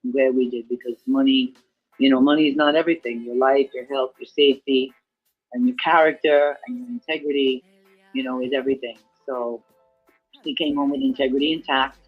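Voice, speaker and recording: A woman's voice: a bass voice, steady tone, brisk, husky, soft background music. A woman guest, a reggae singer, chatting casually in an interview and rambling with frequent "you know" fillers. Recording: dull lo-fi audio.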